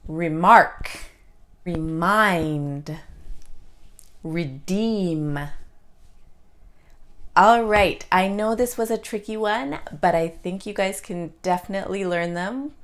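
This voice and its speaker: A woman teaching an English pronunciation lesson, saying each example word slowly and deliberately. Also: medium pitch, fairly even intonation.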